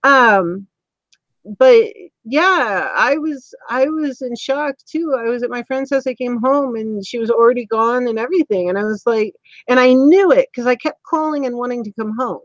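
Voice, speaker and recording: A woman's voice: fairly high pitch, moderate pace, dry recording. Sympathetic woman host on a dull, dry line. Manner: sympathetic, reads viewer comments aloud. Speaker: interview host. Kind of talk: live-stream chat.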